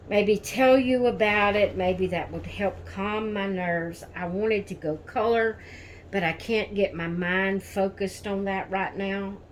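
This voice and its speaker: A woman's voice: medium pitch, slight background noise. A woman vlogging to camera about her dolls, rambling and repeating herself, addressing viewers as guys. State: shaken, near tears. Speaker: doll collector vlogger. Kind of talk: casual chat to camera.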